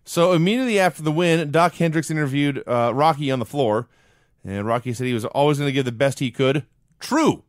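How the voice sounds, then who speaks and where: A man's voice: on the high side, fast, no room sound, studio quality. A man co-hosting a podcast, recapping an old wrestling show in a wry, storytelling way. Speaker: podcast co-host. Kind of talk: casual wrestling recap chat.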